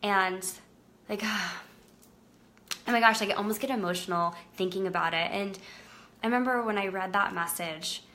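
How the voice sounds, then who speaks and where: A woman's voice: medium pitch, normal speed, pauses often, pushed and bright. A young woman in a casual, earnest livestream talk about her psychic business, full of "like" and "um" fillers. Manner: chatty, earnest, lots of "like" and "um" fillers. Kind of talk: casual Facebook Live talk.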